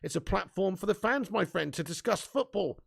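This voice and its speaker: A man's voice: high-pitched, animated, normal speed, creaky. A man hosting a live football fan stream, chatting casually with viewers, reading their comments, laughing often and swearing freely. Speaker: football fan channel host.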